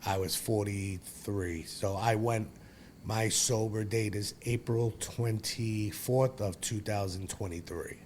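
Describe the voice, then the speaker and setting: Low-voiced blunt New man. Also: fairly even intonation, slow, a little mellow, slight background noise. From Brooklyn, New York. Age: 40s. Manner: blunt and profane, rambling with restarts. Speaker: podcast guest. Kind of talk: candid personal storytelling.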